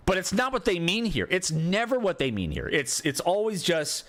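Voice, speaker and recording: Ranting streamer man, lively pitch. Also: moderate pace, few pauses. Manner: frustrated ranting, rhetorical questions, swearing. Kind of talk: casual live-stream commentary.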